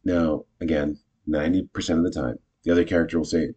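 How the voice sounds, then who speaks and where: Low husky man teaching improv. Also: fast. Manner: chatty, self-correcting, animated when acting out lines. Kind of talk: casual teaching talk with acted example lines.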